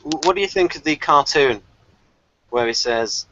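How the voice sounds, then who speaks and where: A man hosting a casual online group discussion, talking in a lively, animated way and laughing often. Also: a little high, normal speed, a little hiss or hum. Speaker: discussion host. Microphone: video call. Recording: dull lo-fi call audio.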